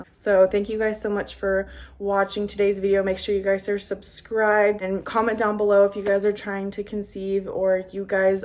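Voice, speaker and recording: A young woman vlogging to camera in a relaxed chat full of fillers. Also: mid-range voice. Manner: chatty, many fillers. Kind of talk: casual talk to camera.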